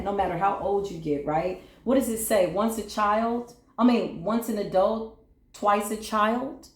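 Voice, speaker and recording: A woman's voice: medium pitch, unhurried, reverberant. A woman giving a tarot reading on her channel, soothing and repetitive, often checking in with "right?". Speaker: tarot reader.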